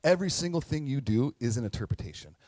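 A man's voice: medium pitch, expressive, quick pace, mellow, dry recording. A young man, a pastor, giving a casual, storytelling sermon and acting out the voices he quotes.

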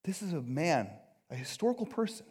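Man, pastor, conversational sermon, lively pitch swings, fairly high voice, acts out quotes. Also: a little fast, breathy edge. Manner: animated, acts out quotes, keeps asking "right?".

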